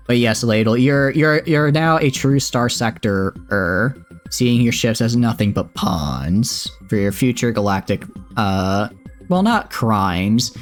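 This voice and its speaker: A man with a Southern accent, chatting and joking while streaming a space game and reading its text aloud. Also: fairly low pitch. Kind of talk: livestream gameplay commentary.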